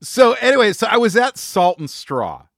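A man's voice: high-pitched, gravelly, no room sound. A man co-hosting a casual podcast, joking around and stretching out words for emphasis on a studio microphone. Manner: lively, jokey, drawn-out emphasis. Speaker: podcast co-host.

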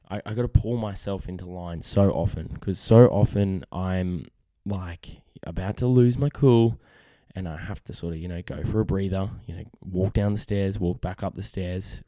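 A young man with a low, mellow voice chats casually on his podcast, rambling and poking fun at himself. The sound is dry and close, with no room echo behind him. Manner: rambling, self-deprecating, lots of "you know". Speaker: podcast host. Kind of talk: casual chat.

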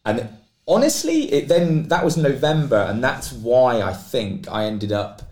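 In a mid-range voice and at a slightly slow pace, a British man, a guest athlete, recounts a long story on a podcast. He acts out the voices of those involved with animation, and the sound carries a roomy echo.

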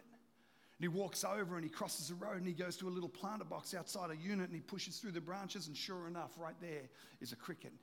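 A man preaching a sermon as pastor, emphatic and full of rhetorical questions, dropping to a quiet voice for stories. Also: high-pitched, fairly quick, slightly rough, long reverb tail.

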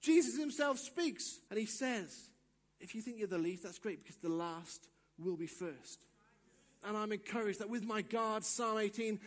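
Guy pastor preaching in church, high voice, goes soft then yells, does little voices. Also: animated, moderate pace, long reverb tail. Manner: acts out dialogue voices, swings from quiet to shouting. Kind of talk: sermon.

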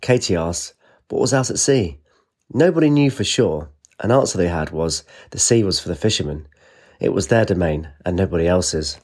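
A man with a lowish voice reads a fantasy audiobook aloud. His delivery is steady and measured, the voice of a storyteller. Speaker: narrator. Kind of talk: audiobook narration.

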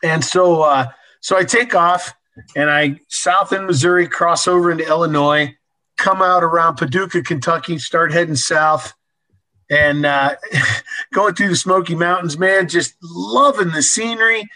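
An older man telling a casual anecdote in an animated, folksy way, chuckling as he goes. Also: on the high side, measured pace, poor audio. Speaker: storyteller.

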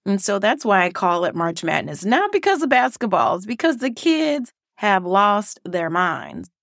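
A woman, a former teacher, hosting a casual reflective podcast monologue in a playful, animated way. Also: medium pitch, normal speed, gravelly, dry recording, studio quality. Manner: playful and animated, acting out voices.

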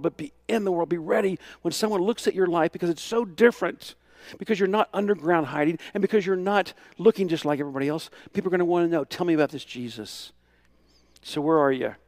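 A middle-aged male pastor preaching a sermon, telling a story with quoted dialogue and moving between hushed asides and emphatic calls. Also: medium pitch, creaky, dry recording.

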